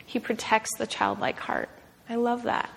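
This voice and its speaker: A woman's voice: a little high, very animated, measured pace, vocal fry, a little hiss or hum. A woman in her thirties, a mother, giving a heartfelt, conversational devotional talk to a room of women, with many "like"s and "um"s. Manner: earnest, conversational, frequent "like" and "um". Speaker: speaker at a women's gathering. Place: large room with an audience. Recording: long reverb of a hall.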